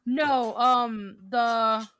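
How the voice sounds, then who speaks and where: Animated woman chatting on a podcast. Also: on the high side, very slow, clean tone, no room sound. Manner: animated storyteller, laughs often. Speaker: podcast co-host. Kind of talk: casual chat.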